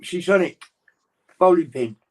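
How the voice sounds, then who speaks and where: A man chatting casually as a guest on a livestream video call, rambling, open and animated. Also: sits high, a little slow, poor audio. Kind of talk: casual chat.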